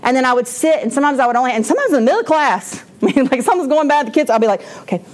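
A woman shares a personal testimony with a church class. Her voice sits a little on the high side. She talks candidly and loosely, breaking off and restarting her sentences and laughing as she goes. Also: animated, very fast. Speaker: speaker at a church moms' class.

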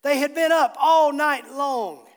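A man's voice: very high-pitched, slow, in a large hall. A man preaching a sermon as pastor in a church, earnest and repeating key phrases for emphasis. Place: church sanctuary.

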